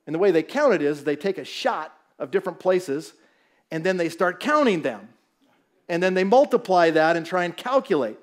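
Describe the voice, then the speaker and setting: Telling stories and joking with his congregation, a middle-aged guest pastor preaches a humorous sermon in a church sanctuary. He comes from Southern California, has a notably high voice, and speaks with lively, animated energy.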